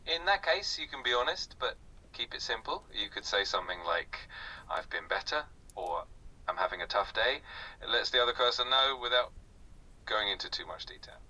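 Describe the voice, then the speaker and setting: A male AI tutor with a very bright, slightly husky voice gives upbeat, smooth explanations in friendly casual chat. His replies come from a device speaker, picked up from some distance away. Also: mid-range voice, lively intonation, normal speed. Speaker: AI conversation partner.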